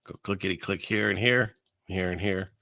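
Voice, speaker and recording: On a casual livestream, a male host rambles conversationally about scripture and conspiracies, reading Bible verses aloud. His low voice is creaky, pushed, and bright, with fairly even intonation at a normal speed, and the recording is dry.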